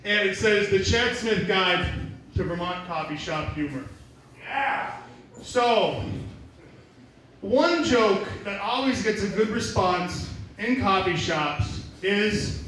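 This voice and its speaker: A man's voice: high voice, lively intonation, takes it slowly, fairly bright tone. A man doing a stand-up comedy set in a small bar, profane, rambling and self-mocking. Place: small bar venue, indoors. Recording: echoey room from far off, audience noise.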